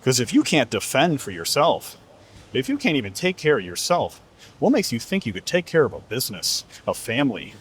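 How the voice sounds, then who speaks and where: Man, fitness coach, husky voice, very lively pitch, blunt and profane. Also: brisk. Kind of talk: motivational monologue.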